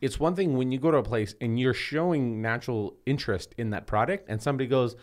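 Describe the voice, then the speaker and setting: A man in his thirties in casual chat, telling animated stories and acting out the dialogue. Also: medium pitch, fast talker. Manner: animated storyteller, acts out quoted dialogue.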